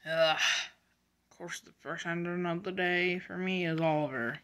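Give me a woman playing a sulky freight truck who groans, a bit lower than usual. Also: steady tone, normal speed, a bit bright, lightly acted. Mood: grumpy. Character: grumpy troublemaking freight truck.

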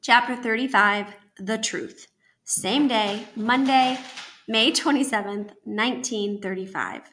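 Woman, teacher, reading a novel aloud, expressive, bright tone, slightly high pitch. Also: slow, slight background noise. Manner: expressive, steady storytelling.

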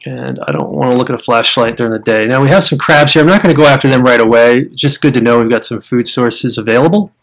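An American man talking through a survival game at a mid pitch. He is chatty and explains each step to the viewers as he goes. Now and then he breaks into loud startled outbursts. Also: fast, vocal fry, few pauses. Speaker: gamer showing a survival game. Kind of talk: casual game commentary.

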